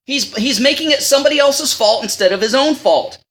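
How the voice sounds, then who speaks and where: A woman's voice: high voice, lively intonation, brisk. A woman teaching a Bible study in a casual, chatty way, reading scripture and acting out the lines.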